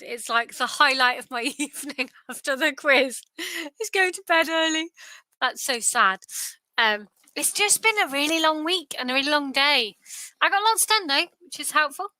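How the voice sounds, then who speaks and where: A woman's voice: sits high, moderate pace, bright, forceful tone, dry recording, poor audio. A tired woman hosting a live quiz, chatty and self-deprecating. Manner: chatty, self-deprecating, sing-song repetition. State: tired, yawning. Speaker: quiz host. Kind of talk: casual quiz livestream chat.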